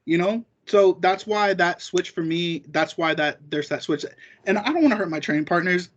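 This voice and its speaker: High-voiced man in muffled, rambling chat. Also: normal speed. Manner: rambling and profane, acting out quoted remarks. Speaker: guest, jiu-jitsu competitor. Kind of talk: casual podcast chat.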